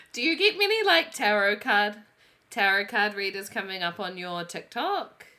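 A woman in her thirties co-hosting a casual podcast with a bright, clear tone that gives her voice some edge. She chats freely, laughs a lot and strings her thoughts together with "like" fillers. Her pitch sits in a normal middle range for a woman. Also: expressive, measured pace. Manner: chatty, giggly, lots of "like" fillers. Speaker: podcast co-host. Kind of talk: casual chat.

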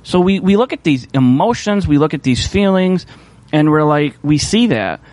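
A man's voice: on the high side, lively intonation, normal speed, a little mellow, dry recording. A man, a church pastor, giving a sermon in a loose, conversational way, full of restarts and fillers. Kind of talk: casual sermon talk.

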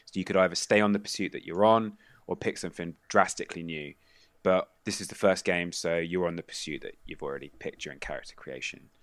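Low-voiced male game master, dry sound. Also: quick pace, a bit bright, no echo. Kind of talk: explaining the game, casual.

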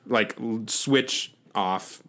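A man's voice: lowish voice, very slow, fairly bright tone. A man in his twenties telling a rambling story in casual chat, full of fillers and swearing.

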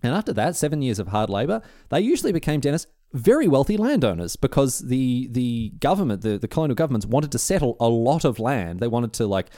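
A man co-hosting a casual podcast chat, telling stories with animated jokes. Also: mid-range voice, a little fast, few pauses, dry recording, studio quality. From Australia. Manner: animated storyteller, breaks into joking voices. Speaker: podcast co-host.

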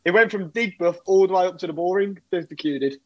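A man's voice: high-pitched, quick pace, fairly bright tone, dull audio. A man chatting on a podcast panel, rambling and repeating himself. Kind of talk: casual podcast chat.

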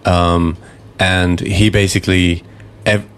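A man's voice: low-pitched, little pitch movement, slow, smooth. A British man hosting a casual podcast chat, thoughtful and rambling with many fillers.

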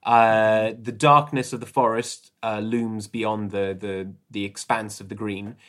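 A man's voice: on the low side, unhurried. Man narrating as game master. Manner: relaxed, laughs easily, many fillers. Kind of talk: narrating a tabletop horror game.

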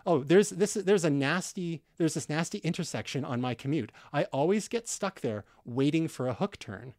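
A man's voice: a little high, lively intonation, moderate pace, darkish tone, no room sound, clean studio sound. A man from Canada co-hosting a tech podcast, explaining news in a casual, conversational way with fillers and restarts. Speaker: podcast co-host.

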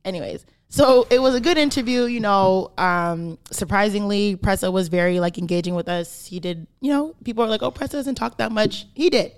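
A woman's voice: medium pitch, brisk, few pauses, clear, resonant tone. A woman from Canada hosting a podcast, explaining her point in casual chat and checking in with "right?". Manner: emphatic, explaining with repeated "right?". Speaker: podcast host.

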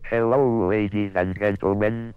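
An early speech-synthesizing computer with a male-sounding, flat, monotonous electronic voice, played from an old archival demonstration film. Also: deep voice, clear, resonant tone, dry recording. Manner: slow, evenly stressed delivery, sometimes sung. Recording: dull lo-fi archival film audio with faint music.

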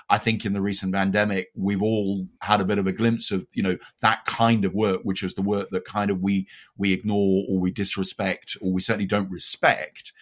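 A man with an English RP accent talks in a relaxed discussion. His voice sits a little low. He is reflective and restarts sentences as he searches for the right words. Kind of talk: conversational discussion.

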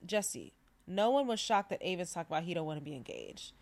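A woman's voice: on the low side, big pitch swings, quick pace, darkish tone, no echo. A woman co-hosting a podcast in casual chat, rambling and hesitant, with many restarts. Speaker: podcast co-host.

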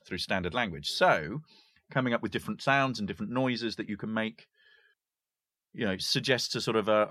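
A history professor with a lowish voice chats casually about language games, animated and giggly with many hesitant restarts. The recording is dry.

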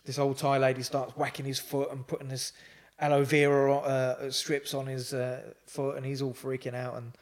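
This podcast guest has a mid-range, fairly monotone voice and a moderate pace, barely pausing as he talks. His casual storytelling rambles, full of ums and acted-out quotes from people he's dealt with.

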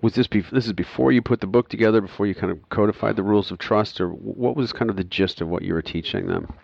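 A man's voice: lowish voice, quick pace, creaky, lo-fi sound. A man hosting an interview, telling rambling anecdotes and laughing often. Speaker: podcast host. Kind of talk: conversational interview.

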